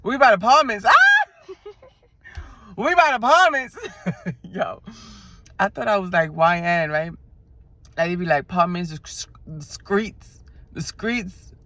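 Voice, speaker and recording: Bright-voiced New York woman telling stories. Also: lowish voice, no room sound. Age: 20s. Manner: animated, slangy, acts out quotes. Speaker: vlogger. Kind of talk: casual storytelling chat. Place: inside a car.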